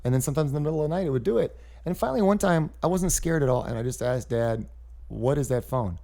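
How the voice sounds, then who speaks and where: Animated man telling stories in voices. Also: a little high, fast talker, vocal fry. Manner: animated storyteller doing voices and sound effects. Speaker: guest comedian. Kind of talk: casual storytelling chat.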